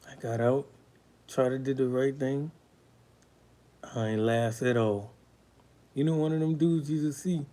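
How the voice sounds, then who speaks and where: A man with a very dark, mellow voice recounts his past. He talks bluntly and swears freely, and there is raw emotion under it. It sounds like a candid guest interview. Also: mid-range voice. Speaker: guest telling his life story. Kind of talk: candid storytelling.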